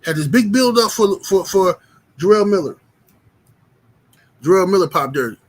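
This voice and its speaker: A man with a fairly high voice hosts a boxing livestream. He argues his case with emphasis, calls out names from the chat and keeps checking in with "right?". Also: lively intonation, normal speed. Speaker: boxing commentary host. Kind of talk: livestream commentary with chat shout-outs.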